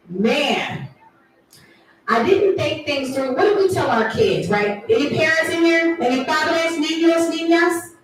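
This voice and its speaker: A woman's voice: sits high, takes it slowly, pauses often, faint music behind. A woman in her thirties doing a playful stand-up comedy set with teasing crowd work at a live event. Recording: echoey room, from far off.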